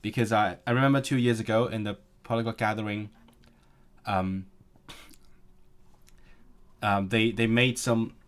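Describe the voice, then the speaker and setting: A man's voice: fairly low pitch, steady tone, a little slow, long pauses. A young man hosting a casual live stream, talking at a desk mic with many fillers and restarts. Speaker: language streamer.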